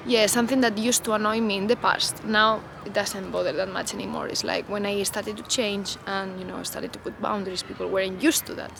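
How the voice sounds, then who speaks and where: A woman's voice: mid-range voice, creaky, a bit bright, slight background noise, poor audio. A woman vlogger talking unscripted to camera outdoors, in a loose, reflective way full of "you know" and "like".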